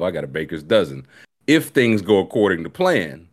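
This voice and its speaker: A man co-hosting a casual watch-party chat, joking and telling stories with animated asides. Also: deep voice, fast talker. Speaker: co-host.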